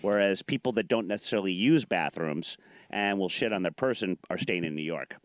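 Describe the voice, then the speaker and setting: A man hosting a casual morning talk show in a studio, joking and rambling between questions. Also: low-pitched. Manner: joking, rambling, quick asides. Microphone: studio mic.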